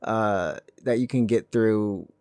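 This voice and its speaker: A man's voice: lowish voice, a little mellow, clean tone, no room sound. Man co-host asking questions, dry sound. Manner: asks questions, quick short backchannels. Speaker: podcast co-host. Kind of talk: casual chat about video games.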